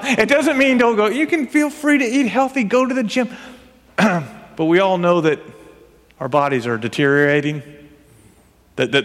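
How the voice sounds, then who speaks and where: A middle-aged man with a high voice delivers an animated, emphatic sermon, mixing earnest points with humor. His voice rings with a long reverb from the hall around him. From United States. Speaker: pastor.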